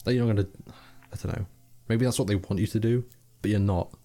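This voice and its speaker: A young man co-hosting a casual podcast, talking in long, animated runs. He swears freely and slips into quick impressions of other people, with faint music behind him. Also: on the low side. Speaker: podcast co-host. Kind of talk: casual chat.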